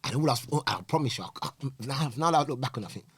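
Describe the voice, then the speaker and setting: A man's voice: mid-range voice, rapid-fire, creaky, a little hiss or hum. A man telling stories as a podcast guest, acting out the people in them and using slang. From England. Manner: animated, acts out quoted voices, London slang. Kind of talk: casual storytelling.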